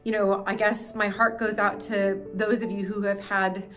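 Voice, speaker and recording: A woman's voice: mid-range voice, flat delivery, moderate pace, fairly bright tone, soft background music. Emotional American woman vlogging. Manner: emotional, rambling, apologetic. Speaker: vlog host. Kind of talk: casual vlog talk. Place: manor house cellar. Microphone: handheld camera she is filming with.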